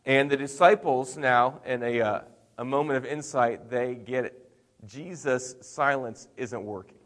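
Middle-aged pastor preaching conversationally. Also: male voice, medium pitch, a little slow, in a large hall. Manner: conversational preaching with swings in loudness and emphasis. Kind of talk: sermon.

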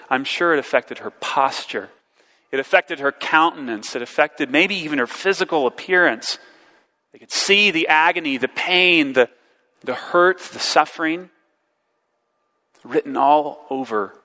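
A man's voice: medium pitch, pushed and bright. Earnest man preaching in a reverberant hall. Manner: earnest, rhetorical questions, repeats words. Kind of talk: sermon.

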